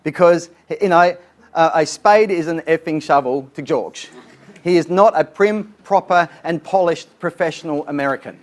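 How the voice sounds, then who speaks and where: A man giving an animated, chatty training seminar as a sales trainer. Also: on the high side, normal speed. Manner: animated, chatty, laughs at his own jokes.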